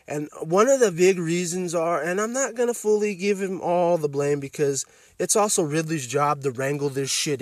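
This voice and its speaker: A man's voice: on the high side, no room sound, clean studio sound. A man hosting a podcast, giving a blunt film review full of profanity and emphatic restarts. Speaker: podcast host reviewing films.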